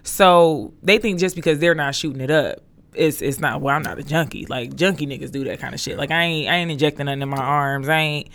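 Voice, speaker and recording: A podcast co-host telling stories in casual chat, cursing freely and animated. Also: mid-range voice, a little fast. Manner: animated storyteller, cursing freely, acting out quotes in a raised voice.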